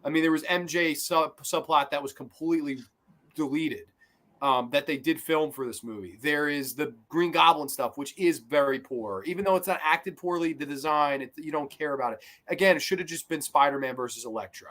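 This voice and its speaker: A man with a slightly high voice speaks fairly quickly as he hosts a casual film podcast. He talks animatedly, swears often, and acts out quotes from scenes.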